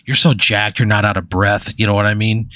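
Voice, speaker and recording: A man's voice: lowish voice, steady tone, a little fast, pushed and bright, no echo. A man hosting a comedy podcast, narrating a rambling second-person hypothetical full of "like" and swearing. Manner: rambling, heavy use of "like" and swearing. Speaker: podcast host spinning a hypothetical.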